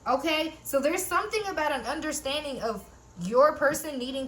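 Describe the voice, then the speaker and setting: A woman's voice: high voice, normal speed, a bit bright. A woman giving a casual spiritual tarot reading, who keeps checking in with "okay?", laughs often and swears now and then. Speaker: tarot reader.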